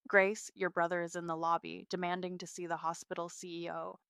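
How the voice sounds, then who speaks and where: A woman voicing a brisk, businesslike female staffer calling with news in a narrated story. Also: on the low side, level tone, fairly bright tone, clear, resonant tone, no room sound, clean studio sound.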